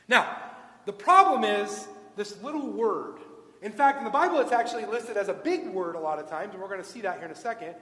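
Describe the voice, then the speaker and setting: A man preaching a sermon in a church sanctuary, asking the congregation questions and swinging from loud emphatic points to hushed asides. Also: very high voice, expressive, a little fast. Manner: asks the congregation rhetorical questions. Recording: echoey church hall, long reverb.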